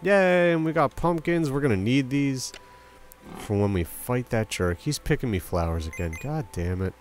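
A man's voice: mid-range voice, lively intonation, normal speed, slight background noise. A young man giving casual gameplay commentary, chatting with game characters and breaking into yelps and silly sound effects. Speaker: let's play commentator.

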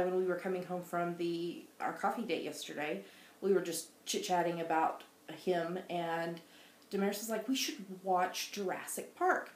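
A woman co-hosting a casual knitting podcast with her daughter, chatty and quick to laugh as she tells stories. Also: on the low side. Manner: chatty, giggly storyteller. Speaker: podcast co-host, mother. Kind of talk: casual chat. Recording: roomy echo.

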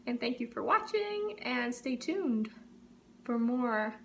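A woman's voice: fairly high pitch, very animated, slow, creaky, fairly bright tone, a little hiss or hum. A woman vlogging a playful, rambling monologue in a mock-profound way. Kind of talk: comedic monologue to camera.

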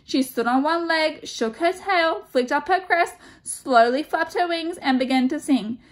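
Expressive woman reading to children. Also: high voice, measured pace. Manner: expressive, asks children questions. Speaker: student teacher. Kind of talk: reading a picture book aloud to children.

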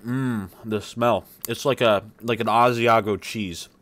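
A man's voice: medium pitch, steady tone, a little slow, fairly bright tone. A young man chatting casually through a food review vlog while he eats, rambling with lots of fillers and appreciative hums. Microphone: streaming setup mic.

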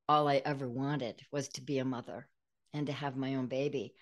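A woman's voice: very deep voice, fairly even intonation, normal speed. An older woman, a book author, earnestly telling an emotional personal story in a podcast interview. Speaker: guest author.

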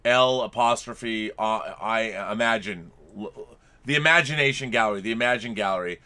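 A man's voice: on the low side, moderate pace, sharp tone. A man co-hosting a casual chat over wine, who keeps pressing and teasing with the same question. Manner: teasing, insistent, repeats himself. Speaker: podcast co-host.

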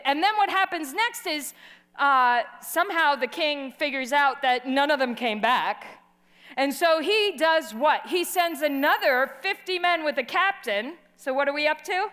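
A middle-aged woman preaching a sermon, telling a story with lively acted-out quotes and calling for responses from the audience. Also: sits high, measured pace. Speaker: guest preacher. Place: large hall. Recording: live sermon in a reverberant hall.

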